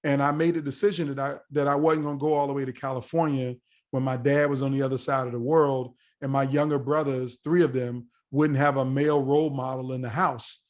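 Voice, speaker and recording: A man's voice: mid-range voice, fairly quick. A middle-aged man from the United States telling a story as a podcast guest, acting out the voices of the people he quotes. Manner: animated, acts out quoted voices. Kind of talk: storytelling in a casual interview.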